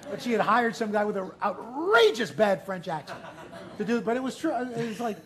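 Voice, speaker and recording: A man of sixty, a guest speaker telling lively anecdotes on stage in front of an audience, acting out the voices of the people in his stories. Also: high voice, brisk. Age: 60s. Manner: lively storyteller, acts out quotes. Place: event hall with audience.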